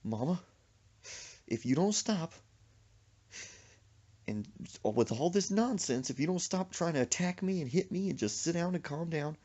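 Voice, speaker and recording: A mischievous young man talks low and sly, as a male narrator plays him. The voice is husky. The recording is dull and lo-fi. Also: animated, measured pace, pauses often, darkish tone. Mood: threatening.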